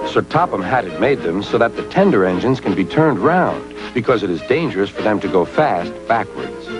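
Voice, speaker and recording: A man narrating a storybook tale for a children's show, in an expressive, gentle way. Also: lowish voice, moderate pace, over music, rough recording.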